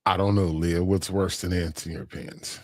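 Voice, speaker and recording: A man's voice: low-pitched, little pitch movement, moderate pace, no echo, clean studio sound. A man hosting a casual livestream, reading chat comments aloud, using laid-back slang and teasing with frequent laughs. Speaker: livestream host.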